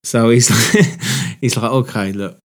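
A man's voice: medium pitch, a little slow. A man co-hosting a podcast in casual chat, laughing often and telling crude, swearing stories. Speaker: podcast co-host.

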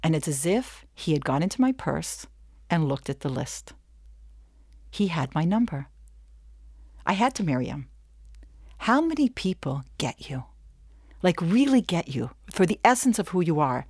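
A middle-aged woman teaching a webinar, talking in a lively way and acting out little back-and-forth dialogues. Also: low-pitched, moderate pace, long pauses, husky, no echo, studio quality. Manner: animated, acts out little dialogues with laughs. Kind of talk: lively talk to an audience.

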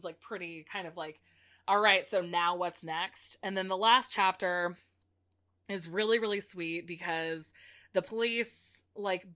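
Woman co-host, bright, clear tone, rambling casual recap with constant "like". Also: fairly low pitch. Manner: chatty, heavy use of "like", many restarts. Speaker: podcast co-host recapping a book. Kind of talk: casual chat.

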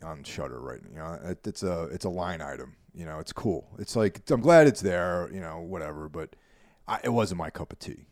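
A man with a New York accent, co-hosting a podcast in a laid-back, rambling way that trails off quietly. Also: deep voice, lively intonation, normal speed, dry recording, clean studio sound. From Carmel, New York. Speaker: podcast co-host. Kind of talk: casual chat.

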